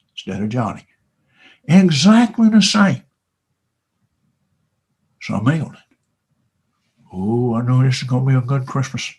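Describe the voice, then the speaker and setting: A man animatedly retelling a motivational sales story, dropping to a hush and then rising loud. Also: medium pitch, vocal fry, slightly rough. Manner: dramatic, shifts between hushed and loud.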